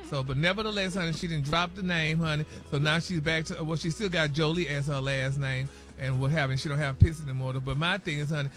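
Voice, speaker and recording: A man's voice: a little high, fairly even intonation, fairly quick, few pauses, a bit bright, soft background music. A man hosting a morning radio gossip segment, talking sassy and calling everyone honey, y'all and baby. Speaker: radio show host reading celebrity news.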